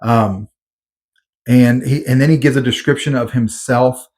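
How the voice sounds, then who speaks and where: A man's voice: medium pitch, steady tone, a little slow, darkish tone. A man giving conversational Bible commentary in an earnest, informal way, with many fillers and restarts.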